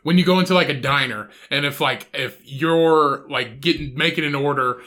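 A man's voice: fairly high pitch, normal speed, pushed and bright. A man co-hosting a podcast, talking in a profane, mocking, jokey way. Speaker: podcast co-host. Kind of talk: casual chat.

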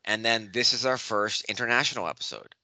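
Man, co-host, teasing, very bright tone, animated, dry sound. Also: fairly low pitch, brisk, dry recording, low-quality recording. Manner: teasing, playful. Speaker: podcast co-host. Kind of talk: casual chat. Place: in London. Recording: remote call.

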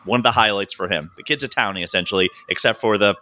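A man co-hosting a casual podcast chat, telling stories in an animated, joking way. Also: on the low side, quick pace. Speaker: podcast co-host.

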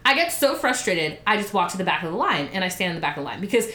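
A woman's voice: on the low side, very fast, roomy sound. A woman casually telling a story, swearing freely and acting out quotes in different voices. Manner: animated, profane, acts out quotes in voices.

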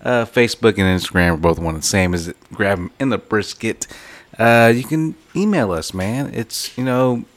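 Male podcast co-host, loose and joking, low voice. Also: expressive, normal speed. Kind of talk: casual chat.

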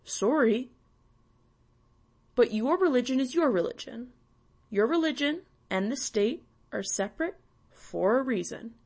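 A woman's voice: fairly high pitch, lively intonation, measured pace, pauses often, a little mellow. A young woman from Canada, hosting and ranting bluntly with swearing and sarcasm. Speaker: podcast host. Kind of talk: ranting monologue.

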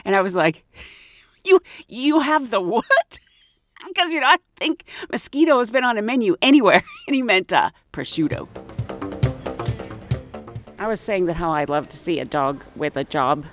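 A woman's voice: low voice, animated, normal speed, soft background music. A middle-aged woman and flight attendant hosting a podcast, telling chatty stories, laughing often and acting out quotes. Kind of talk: casual storytelling podcast.

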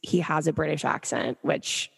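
Woman, twenties, podcast co-host, low pitch, animated, giggly, reverberant room. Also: normal speed, vocal fry, husky. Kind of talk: casual chat.

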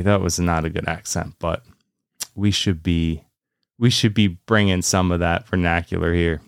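A low-pitched man holds forth in a loose, rambling podcast monologue, swearing freely and leaning on "you know" and "like." His voice is smooth and resonant, recorded dry and close with no room sound. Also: fairly even intonation, moderate pace, no room sound. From United States. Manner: laughs easily at his own jokes. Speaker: podcast host. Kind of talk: casual monologue.

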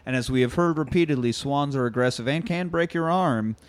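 A man casually recapping a film plot in chat, animated and often laughing. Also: mid-range voice, a little fast, no echo. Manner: animated retelling, acts out quotes with laughs. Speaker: podcast co-host.

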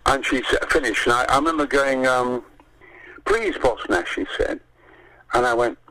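A man's voice: medium pitch, steady tone, normal speed, bright, forceful tone, rough recording. An older man telling theatrical show-business stories, swearing freely and acting out the voices of the people in them. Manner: theatrical storyteller, swears often, acts out voices. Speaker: interview guest. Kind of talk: animated anecdote telling.

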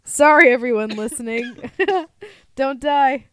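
A podcast co-host reacting to stories with laughter, swearing and quick comments. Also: sits high, animated, a bit bright, slight background noise. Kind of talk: casual chat.

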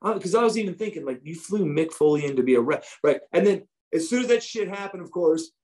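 A man with a voice pitched a little above the usual, telling stories in a loose, conversational way. He swears freely and acts out other people's lines as he goes, like a former wrestler reliving the old days. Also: animated, fast talker, a little mellow. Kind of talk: casual storytelling chat.

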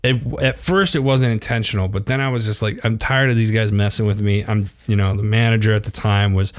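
Low-voiced man telling stories animatedly. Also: fairly quick. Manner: animated, acts out quotes in a raised voice. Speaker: podcast guest. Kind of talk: casual storytelling interview.

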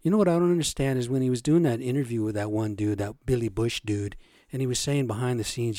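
A man's voice: medium pitch, fast talker, mellow, no echo, studio quality. A man hosting a podcast, ranting in an agitated, profane way and firing off rhetorical questions. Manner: rhetorical questions with repeated "you know" and "right". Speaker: podcast host. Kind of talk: solo podcast rant.

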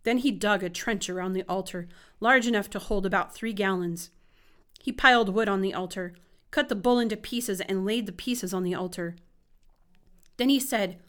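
A woman reads scripture aloud, expressive and measured in her delivery. Her voice rests at a middle pitch and keeps an even, steady pace through the passage. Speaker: Bible reader. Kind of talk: scripture reading.

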